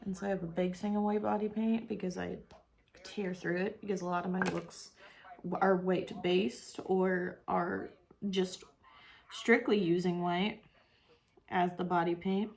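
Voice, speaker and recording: A woman's voice: fairly low pitch, level tone, measured pace, creaky, a little mellow. A woman makeup vlogger chatting casually to herself while she works, rambling and thinking aloud.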